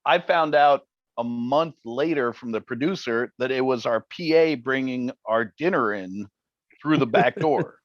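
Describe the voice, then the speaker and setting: A man's voice: mid-range voice, a little slow, no room sound. Wry man on a slightly dull line. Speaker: interview guest, TV paranormal investigator. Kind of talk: casual interview chat.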